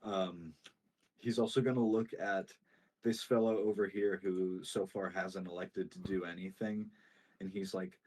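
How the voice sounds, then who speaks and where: A man's voice: sits low, fairly even intonation, measured pace, darkish tone. A young man narrating a tabletop game as game master, casual and full of fillers.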